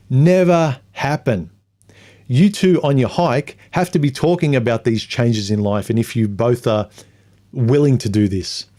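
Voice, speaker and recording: Dark-voiced man ranting on a livestream. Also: medium pitch, measured pace. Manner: rambling, with mocking put-on voices of others. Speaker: livestream host reading viewer comments. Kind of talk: casual livestream monologue.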